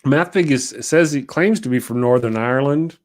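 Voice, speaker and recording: A man's voice: mid-range voice, moderate pace, darkish tone. A man hosting a casual livestream talk show, rambling and joking with frequent chuckles. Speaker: livestream host.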